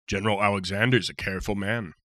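A man voicing a huge, jovial male warrior captain with boisterous, rough soldier talk. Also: fairly low pitch, fairly even intonation, fast talker, a bit bright, no room sound, lightly acted. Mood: stern.

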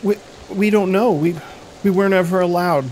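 Scared little girl in a tabletop game, high and pleading; a man voices her. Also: steady tone, moderate pace, darkish tone, a little hiss or hum, lightly acted. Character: frightened little girl, child.

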